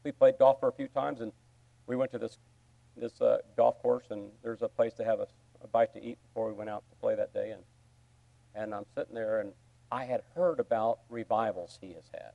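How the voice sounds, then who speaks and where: A man preaching a sermon, telling a story with sudden swings from quiet asides to loud, excited bursts. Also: mid-range voice, fairly quick, gravelly, phone-quality sound. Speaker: pastor.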